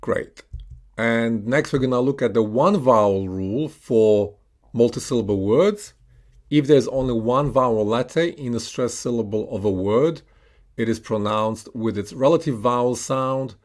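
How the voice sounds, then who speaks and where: A man's voice: mid-range voice, darkish tone. A man teaching English pronunciation with a British accent, reading out single words one by one for students to repeat. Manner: slow, deliberate enunciation of single words with pauses. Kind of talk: pronunciation lesson with repeat-after-me drills.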